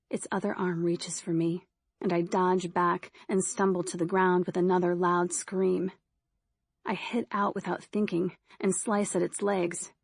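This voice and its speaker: A woman with a low voice reads first-person horror fiction in a steady, measured way. She is recorded on a close studio mic with a dry, dead sound. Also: dry recording. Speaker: audiobook narrator.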